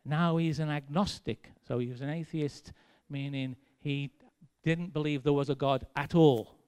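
A man from England, speaking with an English accent, preaches a sermon with personal stories in a conversational, self-deprecating manner and dry sarcasm. His fairly high voice is steady, darkish, clear and resonant, at a measured pace.

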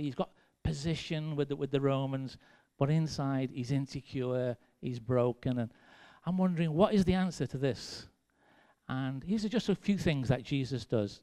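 In a smooth, dark voice of medium pitch, an English-accented man from England gives a sermon built around personal stories. He keeps it conversational, poking fun at himself with dry sarcasm.

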